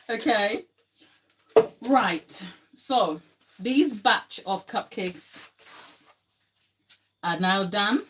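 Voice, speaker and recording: A young woman talks slowly and unhurriedly while frosting cupcakes on a livestream. She is chatty and emotional, laughs often and talks straight to her viewers. She sounds a little tired. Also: mid-range voice, expressive, fairly bright tone, a little hiss or hum. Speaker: baker hosting a livestream. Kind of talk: live baking tutorial chat.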